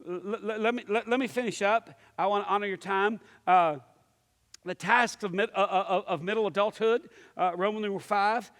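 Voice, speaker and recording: A man's voice: sits high, steady tone, moderate pace, a bit bright. A male pastor teaching a church class, telling stories and acting out the voices in them, with many restarts and fillers. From Pittsburgh area. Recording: long hall reverb.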